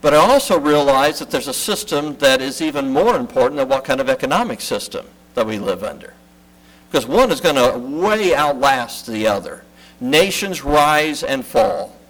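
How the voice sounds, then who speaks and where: A man delivering a sermon in a fairly high voice, building his points in short repeated phrases. He pushes up in pitch and volume for emphasis, then falls back to a low, quiet close. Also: low-quality recording. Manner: repeats words and lists in short rhythmic phrases. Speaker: pastor.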